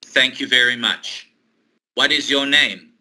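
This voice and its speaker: Male English teacher, crisp bright tone, unhurried and patient, guides a student step by step. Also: medium pitch, fairly even intonation, low-quality recording. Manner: patient, slow, step-by-step explanations with pauses. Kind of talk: online one-to-one English lesson.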